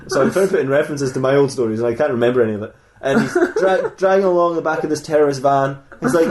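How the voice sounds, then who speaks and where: In an echoey room, a male podcast host spins an improvised comic tale, wandering off track, fixing his own wording, and chuckling at his jokes. His voice sits a little high and a little mellow, and he speaks rapid-fire with few pauses.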